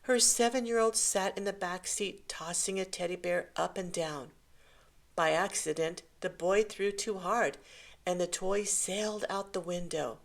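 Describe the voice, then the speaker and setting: A woman reading a short story aloud in a gentle, measured way. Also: on the low side, creaky. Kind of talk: scripted story narration.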